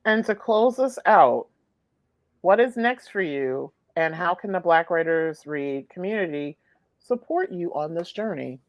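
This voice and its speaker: A woman's voice: on the low side, lively intonation, a little slow, no room sound. A woman hosting a podcast interview, friendly and emphatic. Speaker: podcast host. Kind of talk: casual interview chat.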